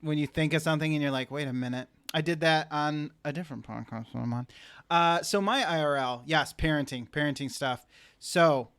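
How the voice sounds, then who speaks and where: A man's voice: on the high side, a little fast, a bit bright, smooth, no room sound. A young man co-hosting a podcast, chatting casually and making wry jokes. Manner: joking, wry asides. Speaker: podcast co-host. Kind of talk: casual chat.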